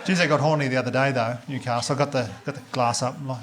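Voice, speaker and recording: A man with an Australian accent performing a stand-up set, telling crude stories in a dry, deadpan way. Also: medium pitch, fast. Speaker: stand-up comedian. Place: comedy club stage before a live audience. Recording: loud audience laughter and noise.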